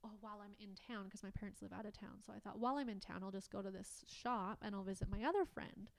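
Woman guest telling an emotional story, halting and restarting, dry close sound. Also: mid-range voice, gravelly, dry recording. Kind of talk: personal testimony in conversation.

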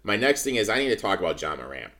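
A man's voice: fairly low pitch, sing-song, fast, bright, forceful tone. A man hosting a sports podcast, talking casually and bluntly, cursing freely as he rants. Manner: blunt, profane ranting. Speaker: podcast host.

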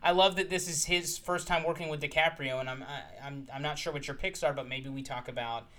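A man with a bright, somewhat high voice joins a film podcast as a guest. He speaks enthusiastically and articulately, with the odd um between thoughts. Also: steady tone, brisk. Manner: enthusiastic, articulate, frequent ums. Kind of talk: casual film discussion.

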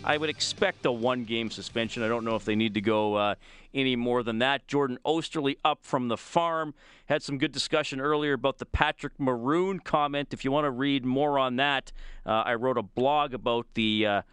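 A man's voice: medium pitch, moderate pace, a bit bright, clean tone, no room sound. A man hosting a sports radio show from a studio, chatting casually with frequent restarts and fillers. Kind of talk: radio sports talk and interview. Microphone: studio microphone.

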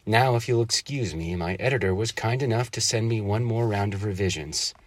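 A man reading a story aloud, voicing a gentle, teasing father who speaks fondly to his young daughter. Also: on the low side, fairly quick, dry recording, natural voice. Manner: warm fatherly tone, stern bursts when scaring the bird.

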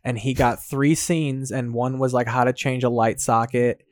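Man, chatty podcast host, dry close mic, mid pitch, rambling anecdotes. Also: steady tone, moderate pace, no echo. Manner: rambling storyteller, acts out quotes. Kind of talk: casual chat.

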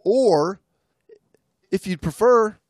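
A man's voice: high voice, expressive, drawn-out words, darkish tone, no room sound, studio quality. A man co-hosting a podcast, chatting loosely with lots of fillers. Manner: loose, filler-heavy banter. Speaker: podcast co-host. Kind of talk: casual chat.

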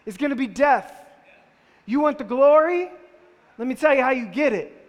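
A man's voice: very high-pitched, animated, normal speed. A man preaching a sermon in a conversational style, firing off rhetorical questions at his listeners. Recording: long reverb of a large hall.

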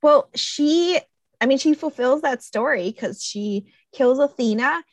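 A woman in casual conversation about a movie, animated, jumping into high-pitched voices when she quotes characters. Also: a little slow, dry recording.

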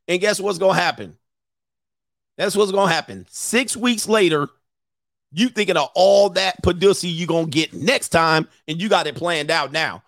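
A man hosting a live stream as a dating coach, ranting comically and acting out both sides of a story in quick voices, laughing often. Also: high-pitched, a bit bright, dry recording, studio quality. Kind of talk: casual comedic rant.

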